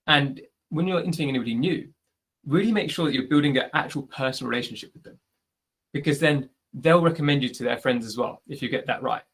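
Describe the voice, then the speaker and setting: His voice sits on the high side, a bit bright and husky. He's a British man who hosts a podcast, fielding questions live on a video call in a chatty, advice-giving manner, sprinkling in "like" and "right?" often.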